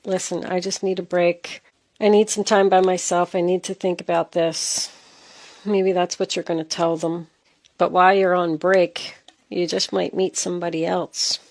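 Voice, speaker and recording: A woman reads tarot cards in an emphatic, earnest monologue. She speaks straight to the listener at an ordinary mid pitch. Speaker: tarot reader.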